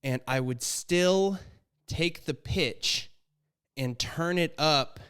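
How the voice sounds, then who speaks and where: Smooth-voiced young man, podcast co-host. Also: takes it slowly, fairly bright tone. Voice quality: high tones that he can bring low. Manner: self-deprecating, rambling with restarts. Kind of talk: casual podcast chat. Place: apartment. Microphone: studio microphone with headphones.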